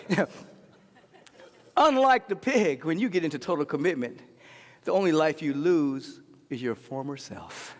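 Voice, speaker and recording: A man delivering an impassioned sermon in a rhythmic, repetitive cadence, swinging between shouts and hushed murmurs. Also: a little high, lively intonation, measured pace, long pauses. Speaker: spiritual leader. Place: large spiritual center sanctuary. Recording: long hall reverb.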